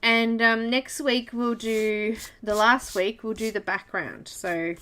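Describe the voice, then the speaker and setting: A woman's voice: a little high, steady tone, takes it slowly, a bit bright. Giggly Australian woman greeting viewers. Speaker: host of a live coloring stream. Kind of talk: casual live-stream chat.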